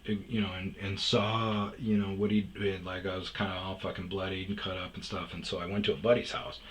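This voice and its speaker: A man from Wisconsin spins a personal story, swearing freely and circling back on his sentences as he goes. His voice sits on the low side, with loose, casual talk. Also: a bit bright, rough recording. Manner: rambling, profane, self-interrupting.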